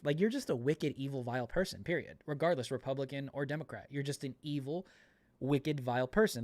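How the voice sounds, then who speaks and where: A man's voice: medium pitch, no room sound. A man hosting a political commentary podcast, talking in an indignant, emphatic way and often repeating words. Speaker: podcast host.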